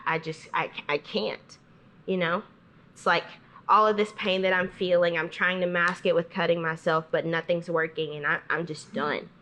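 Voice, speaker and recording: A woman's voice: medium pitch, a bit bright. Young woman sharing an earnest church testimony. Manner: earnest storytelling, re-enacting others' words in quotes; casual speech with frequent "um" and "I was like". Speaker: testimony speaker. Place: church fellowship meeting.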